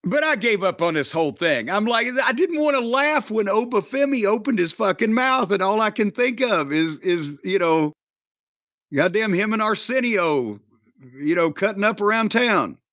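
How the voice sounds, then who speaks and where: A man's voice: sits high, animated, normal speed, fairly bright tone, no room sound, dull audio. A man co-hosting a wrestling podcast, ranting bluntly and profanely in exasperated complaint. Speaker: wrestling commentator.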